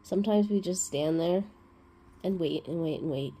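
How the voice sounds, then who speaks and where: A woman's voice: fairly low pitch, normal speed, warm tone, slightly rough. A woman hosting a crafting vlog, chatting casually and rambling through everyday stories. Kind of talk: casual chat.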